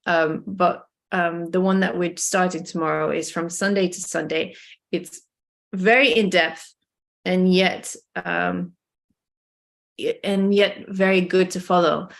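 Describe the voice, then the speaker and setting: Interview guest: woman from the Netherlands, low voice, sincere, pauses often. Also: steady tone, vocal fry. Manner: earnest, many pauses and um's. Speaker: guest, medical missionary. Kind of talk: interview answers.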